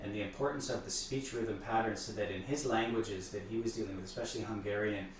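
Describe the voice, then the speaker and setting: A man explaining piano music as a teacher, thoughtful and unhurried, sometimes stumbling over repeated words. He sits back from the mic, so his voice carries a strong room echo with a faint hum behind it. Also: lowish voice, fairly even intonation. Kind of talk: explaining piano repertoire between playing. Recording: echoey room, voice far from the mic.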